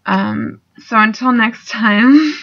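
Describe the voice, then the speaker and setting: On a dull, lo-fi recording, a young woman who vlogs as a student speaks slowly with vocal fry, her voice on the high side and fairly bright. She rambles through a video response with fillers and casual swearing, sounding a little emotional.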